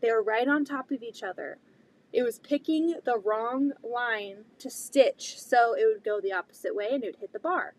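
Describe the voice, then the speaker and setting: A woman with a high voice tells a story to her camera in a loose, casual vlog style. She chats along with plenty of "um"s and "like"s and animated retellings. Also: moderate pace. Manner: chatty, full of "um" and "like", animated retelling. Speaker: quilting vlogger.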